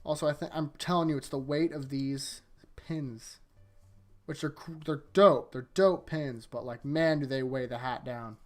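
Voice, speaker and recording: A young man casually recapping anime episodes as a show host, rambling and joking, quickly acting out quoted lines. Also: medium pitch, steady tone. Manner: loose, jokey, acts out quoted lines in quick voices.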